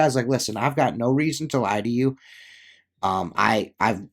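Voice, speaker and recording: A middle-aged man, a window cleaner, telling a story in a loose, casual way. He rambles, piles on fillers and slips into the voices of the people he quotes. His voice sits at an ordinary middle pitch. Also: expressive, a little fast, husky. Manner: rambling, filler-heavy, acts out quoted dialogue.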